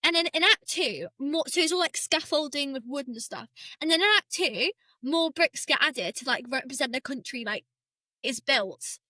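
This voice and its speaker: A woman's voice: high-pitched, expressive, moderate pace, sharp tone, no room sound. A woman co-hosting a podcast, chatting casually with lots of "like" fillers. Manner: chatty, many "like" fillers, laughs often. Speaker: podcast co-host. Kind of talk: casual chat.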